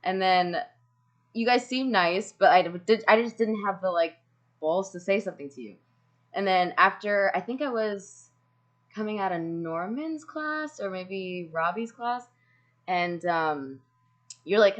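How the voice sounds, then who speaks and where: A woman's voice: medium pitch, normal speed, muffled recording. A woman hosting a casual video call from home, telling stories with laughs and the odd swear. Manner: animated storytelling with laughs and swearing. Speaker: streamer host. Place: home room with cats. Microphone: home streaming mic on a video call.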